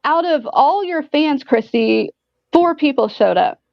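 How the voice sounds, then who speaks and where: Woman guest, fairly high voice, animated storyteller who swears freely; dry, dull lo-fi audio. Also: unhurried, creaky, no echo. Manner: animated, profane storytelling with many "like"s. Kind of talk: casual storytelling chat. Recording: dull lo-fi sound.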